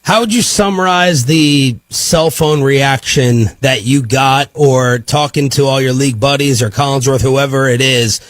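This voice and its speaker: A man co-hosting a sports radio show, asking slow, probing questions. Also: mid-range voice, fairly even intonation, no echo. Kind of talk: casual radio interview.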